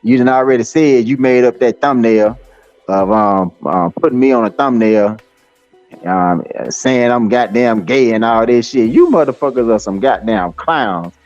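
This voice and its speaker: With faint music behind him, a man hosting a live stream delivers a profane, taunting rant full of swearing, rambling and fillers. He speaks at a measured pace in a medium-pitched, slightly mellow voice, captured in slightly dull lo-fi stream audio.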